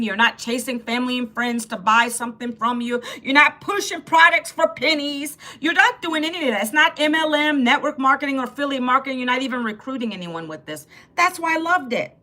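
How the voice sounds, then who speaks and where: High, bright-voiced woman in her fifties. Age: 50s. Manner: chatty, talks straight to viewers' comments, laughs often. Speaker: live-stream host. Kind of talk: casual live-stream chat.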